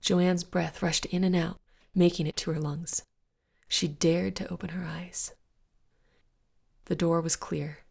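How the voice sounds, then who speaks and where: A woman reading a spooky horror tale in a hushed, often whispered, dramatic way, as host of a story podcast. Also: lowish voice, flat delivery, unhurried, vocal fry, long pauses, slightly rough.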